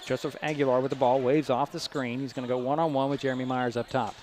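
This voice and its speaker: Man calling high school basketball. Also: little pitch movement, a little mellow. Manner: brisk, chatty, rises at big plays. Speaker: play-by-play announcer. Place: school gym. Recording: gym noise behind broadcast mic.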